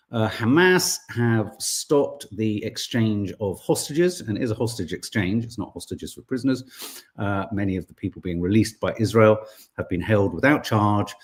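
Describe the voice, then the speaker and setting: Chatty man, lively pitch. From England. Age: 40s. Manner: rambling, reads listener comments aloud, wry asides. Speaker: podcast co-host. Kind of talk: casual chat.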